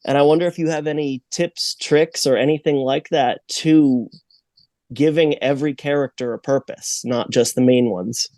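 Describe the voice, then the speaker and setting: A male podcast host asks his questions in a measured, unhurried way. His tone is mellow and warm, recorded dry and close. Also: mid-range voice, steady tone, dry recording. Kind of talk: interview questions.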